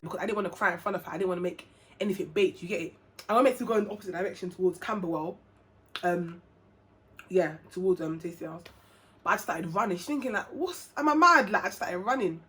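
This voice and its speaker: A woman's voice: lowish voice, fast talker. A young woman from England, telling a personal story to camera in a casual, chatty vlog, acting out the dialogue. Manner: chatty, animated, acts out quoted dialogue. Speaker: vlogger.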